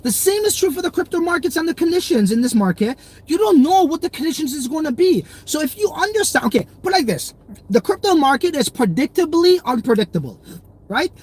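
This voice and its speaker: A man's voice: very high-pitched, sing-song, a little fast. Young guy rambling on a stream, slangy and loose, lots of ums and bro. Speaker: crypto livestream host. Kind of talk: casual livestream chat reading comments.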